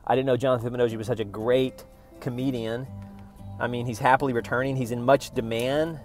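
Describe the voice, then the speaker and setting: A man's voice: medium pitch, level tone, a little fast, soft background music. A man from Oklahoma doing a rambling, sarcastic stand-up bit, mocking what he reads with put-on voices. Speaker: comedian.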